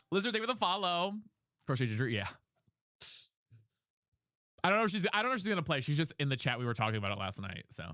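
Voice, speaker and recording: A man's voice: on the high side, a bit bright, dry recording, studio quality. A young man streamer chatting casually with his chat, reading questions aloud and explaining voice technique.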